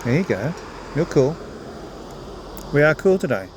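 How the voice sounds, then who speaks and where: Gentle man coaxing softly. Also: a little high, sing-song, measured pace, slight background noise. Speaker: vlogger feeding a wild bird. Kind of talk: casual talk to an animal.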